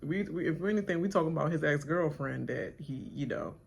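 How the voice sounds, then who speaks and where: A woman's voice: low-pitched, fairly quick, creaky, husky. A woman hosting a reality TV reaction stream, animatedly retelling the episode and acting out the cast members' lines with laughter. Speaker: reaction channel host. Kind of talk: live-watch reality TV rant.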